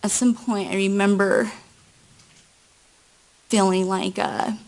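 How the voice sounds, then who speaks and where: A woman testifying as a witness at a trial, recounting events in a slow, halting way. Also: medium pitch, steady tone, darkish tone. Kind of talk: courtroom testimony.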